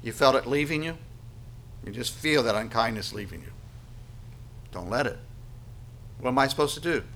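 Man, pastor, sermon, emphatic, dramatic pauses, bright tense tone. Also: medium pitch, lively intonation, creaky, a little hiss or hum. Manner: earnest, emphatic preaching with dramatic pauses and acted asides.

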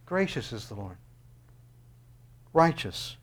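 A fairly high-pitched man preaching a sermon. He swings from loud, ringing exclamations down to near-quiet asides. He reads scripture aloud and closes in prayer. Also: wildly swooping pitch, measured pace, pauses often. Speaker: pastor.

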